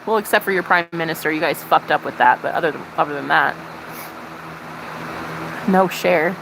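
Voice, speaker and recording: A woman livestreamer ranting to her chat in casual, profane, animated talk. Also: low voice, moderate pace, vocal fry, pauses often, a little hiss or hum, rough recording.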